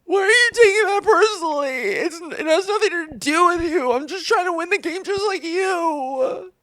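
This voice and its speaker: A woman's voice: very high voice, expressive, moderate pace, a bit bright, dry recording, pitched above the performer's own voice. A woman doing a tearful, whiny ballplayer. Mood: tearful pleading. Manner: weepy, pleading, sobbing. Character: whiny wounded male ballplayer, tearful and pleading.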